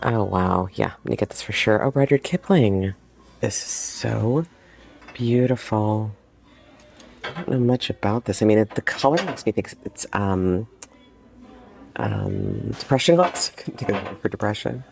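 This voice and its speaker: A woman reseller talking casually in a thrifting vlog, excitable and gushing, often dropping into a whisper, recorded on a handheld phone in a thrift store. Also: rumbling low, moderate pace, creaky, noisy background. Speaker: vintage home decor reseller.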